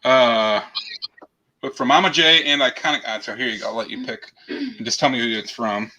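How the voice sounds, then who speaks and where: Hosting a live joke stream, a man of half Mexican heritage banters casually, mocks himself goofily, and adds rimshot sound effects after punchlines. He has a medium-pitched, sharp-toned voice with lively intonation and a moderate pace, though the audio is poor.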